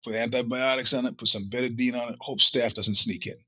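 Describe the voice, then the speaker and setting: A middle-aged man hosts his own show while sick with a cold. His voice is husky but bright and cutting. He tells rambling, profane stories in a dry, close recording. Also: mid-range voice, steady tone, fairly quick, no room sound. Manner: rambling, profane storytelling with acted-out quotes. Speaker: podcast host. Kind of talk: casual monologue.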